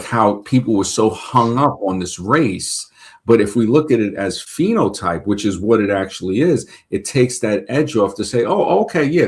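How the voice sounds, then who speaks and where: Low-voiced New host, chatty and rambling, trips over his own words. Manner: rambling with many restarts and stammered repeats. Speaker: show host. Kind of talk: casual talk-show conversation.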